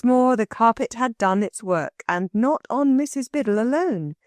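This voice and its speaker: A woman narrating an audiobook in an expressive storytelling manner. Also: fairly high pitch, normal speed, few pauses, no echo, studio quality. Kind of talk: scripted narration.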